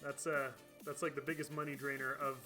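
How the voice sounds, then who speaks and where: Bright-voiced man chatting on a game stream. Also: medium pitch, level tone, brisk, faint music behind. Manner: chatty, laughs often, reads out chat names and thanks donors. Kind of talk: casual live-stream chat over gameplay.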